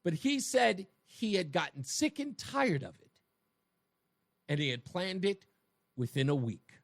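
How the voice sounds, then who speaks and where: Emphatic, high-pitched talk radio host. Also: male voice, big pitch swings, a little slow, creaky, no room sound, clean studio sound. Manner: emphatic, rhetorical, addresses listeners directly. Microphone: studio microphone.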